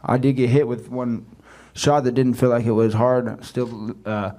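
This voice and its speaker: A man's voice: mid-range voice, fairly even intonation, a little slow, warm tone, no room sound. A man, a professional fighter, talking casually in interviews, rambling and hesitant with lots of fillers.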